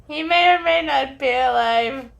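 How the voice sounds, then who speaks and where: A young woman with a high voice chats slowly and drowsily in a casual home vlog. She is sleep-deprived yet playful, breaking into sudden dramatic outbursts. A little music sits faintly behind her. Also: gravelly, fairly bright tone, highs cut off. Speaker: vlog co-host.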